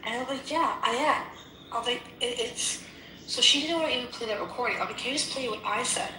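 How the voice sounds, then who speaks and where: A woman's voice: a little high, brisk, sharp tone, a little hiss or hum. A woman telling a story in casual chat, heated and profane. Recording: echoey room.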